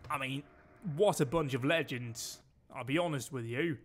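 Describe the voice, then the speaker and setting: A Danish man with a mid-range voice speaks at a moderate pace while streaming a game. His casual commentary is chatty and full of swearing, and he barks orders at his crew.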